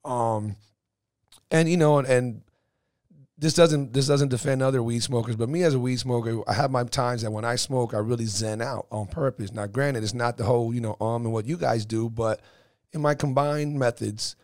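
A man hosts a podcast in a loose, profane way, tripping over his words and starting his sentences again. His voice sits at an ordinary middle pitch for a man. The sound is dry and close, with no room echo at all. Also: moderate pace, a little mellow. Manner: loose and profane, with frequent restarts and stammers. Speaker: podcast host. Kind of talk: casual interview chat.

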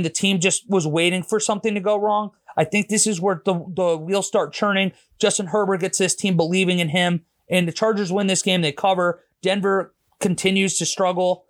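A man's voice: high voice, fairly bright tone. A man from Pittsburgh with a Pittsburgh accent, a podcast host giving blunt, opinionated football picks and swearing freely. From Pittsburgh, USA. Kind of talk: casual sports betting commentary.

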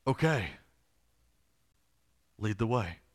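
A man doing a calm, gentle teacher. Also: lowish voice, pitched below the performer's own voice, full character voice. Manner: calm, soft, unhurried.

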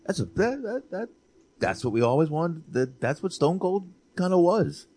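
A man co-hosting a casual movie chat, animated, swearing and repeating himself for emphasis. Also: high-pitched, normal speed, slightly rough. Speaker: podcast co-host.

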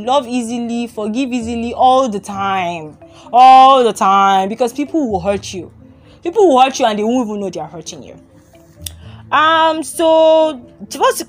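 A young woman with a mid-range voice hosts a casual faith podcast, speaking candidly and confessionally. She laughs often and keeps returning to the same phrases, with faint music under her voice.

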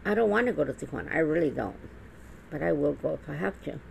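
Middle-aged woman, lowish gravelly voice, rambling profane vlog monologue. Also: animated, fast talker, a little mellow, slight background noise, rough recording. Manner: blunt, profane, rambling with many restarts. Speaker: vlogger. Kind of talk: casual monologue.

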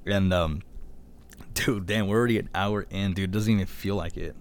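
A man's voice: low voice, fairly even intonation, moderate pace, slight background noise. A man co-hosting a casual podcast, teasing, laughing often and reading quiz questions aloud. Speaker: podcast co-host. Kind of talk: casual profane chat.

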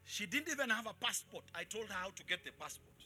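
A man preaching a live sermon to his congregation as pastor, calling out for responses and switching between shouts and quiet asides. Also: high-pitched, expressive, fast talker. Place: church in front of a congregation.

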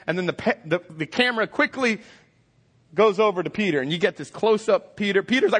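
Texas guy preaching, jokey and animated, slightly high voice, echoey church hall. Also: brisk. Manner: energetic, joking, acts out scenes in voices. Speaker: pastor. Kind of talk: sermon. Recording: long hall reverb.

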